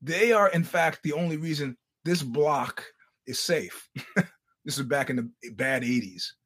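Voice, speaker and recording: An older man hosting a podcast, telling stories in a casual, animated, profane way with laughing asides. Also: fairly high pitch, measured pace, breathy edge. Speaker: podcast host. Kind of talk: casual storytelling monologue.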